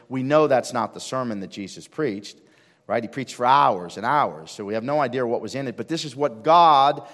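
A man preaching a sermon as pastor, emphatic and full of rhetorical questions, building to loud fervor in a church. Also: mid-range voice, big-room sound. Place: church sanctuary with congregation.

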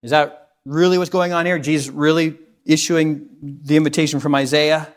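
A man's voice: fairly high pitch, level tone, normal speed. A man preaching a sermon, earnest and putting rhetorical questions to his listeners.

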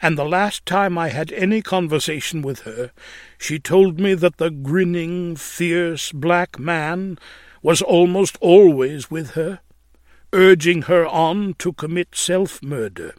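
A man's voice: a little high, slow, no room sound, clean studio sound. A man narrating an old religious tract in a solemn, mournful, preaching manner, swelling at points of emphasis.

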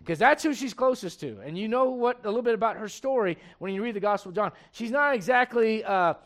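A man's voice: high-pitched, lively intonation, fairly quick, fairly bright tone. A man pastor preaching a casual, conversational sermon to his congregation and reading scripture aloud.

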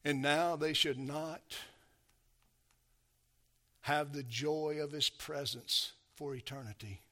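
Man, preacher, sermon, high voice, slow deliberate delivery, emphatic. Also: fairly even intonation. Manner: emphatic, swings from hushed to loud and urgent; addresses listeners as beloved.

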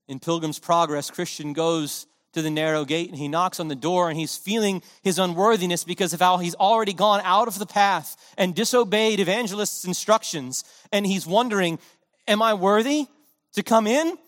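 High-voiced preacher in a reverberant hall. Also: male voice, normal speed, few pauses, a bit bright. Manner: earnest, impassioned preaching with emphatic repetition. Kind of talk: sermon.

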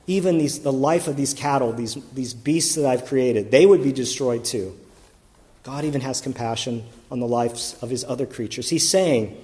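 A man's voice: mid-range voice, in a large hall. A man preaching a conversational sermon, stopping to correct himself and reading scripture aloud.

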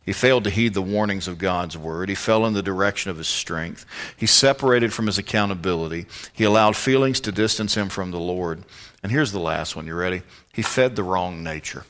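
Southern American man, pastor, lowish register, folksy sermon delivery that quizzes the pews. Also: fairly quick, fairly bright tone. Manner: folksy and conversational, quizzing the congregation.

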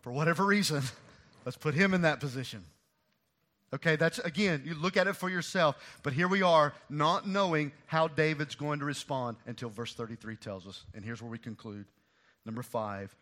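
Impassioned preacher man, bright voice. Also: medium pitch, normal speed. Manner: swings from hushed to impassioned, rising loud when voicing David's grief. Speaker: pastor. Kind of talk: expository sermon.

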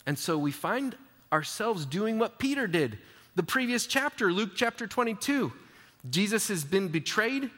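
Pastor, male, slightly high voice, animated conversational sermon delivery, church hall reverb. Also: measured pace. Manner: lively, conversational preaching with acted-out mocking quotes.

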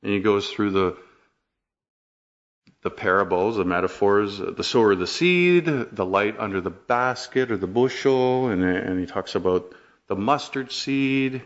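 A man's voice: lowish voice, normal speed, highs cut off. A man preaching a sermon, telling stories and asking rhetorical questions. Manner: storytelling, animated, rhetorical questions.

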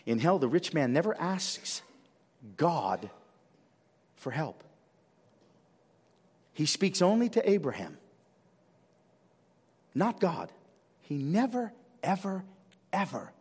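A male pastor preaching a sermon with animated swings of pitch and volume, often repeating words as he builds. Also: slow, pauses often, slightly rough. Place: church sanctuary. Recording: long reverb of a church hall.

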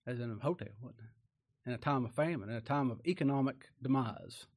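Folksy preacher with tag questions. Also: male voice, mid-range voice, fairly quick. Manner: folksy, rhetorical tag questions, chuckles often. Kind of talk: sermon.

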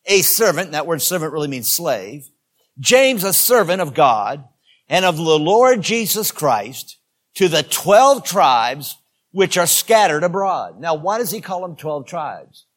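A male pastor preaching a sermon, addressing his congregation directly and moving between loud exhortation and quieter asides. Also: on the high side, big pitch swings, unhurried.

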